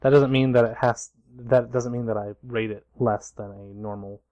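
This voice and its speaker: A man's voice: mid-range voice, flat delivery, normal speed, darkish tone, dry recording, lo-fi sound. Young male co-host: blunt and argumentative, mid-range voice, dry unechoing recording. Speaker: podcast co-host. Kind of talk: casual podcast chat.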